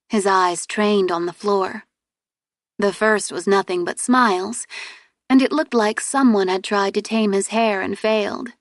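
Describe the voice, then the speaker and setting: A woman narrates a novel in the first person, clear and steady in her storytelling. Her mid-range voice sits close and dry with no room around it. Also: medium pitch, no room sound. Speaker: audiobook narrator.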